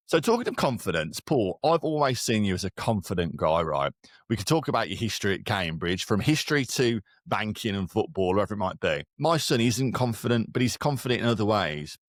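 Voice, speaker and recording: Man, 40s, Birmingham accent, podcast host, energetic, matey, lowish voice, dry sound. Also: no echo. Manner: energetic and matey, with emphatic rises. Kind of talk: podcast conversation.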